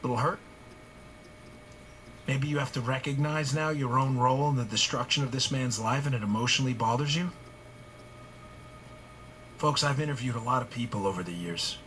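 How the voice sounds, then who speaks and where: A man's voice: medium pitch, normal speed, long pauses, fairly bright tone, a little hiss or hum. Impassioned male talk show host. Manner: impassioned, rhetorical, repeats questions for emphasis. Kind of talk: heated political commentary monologue.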